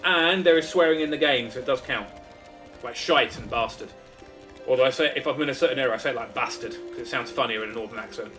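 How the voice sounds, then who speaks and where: A man's voice: mid-range voice, quick pace, fairly bright tone, faint music behind. Joking man streaming a game. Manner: chatty, joking, swears for laughs. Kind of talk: casual gameplay commentary.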